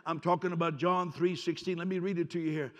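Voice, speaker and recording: A man preaching a sermon, moving between hushed storytelling and loud, emphatic passages. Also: fairly high pitch, steady tone, fast. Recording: long hall reverb.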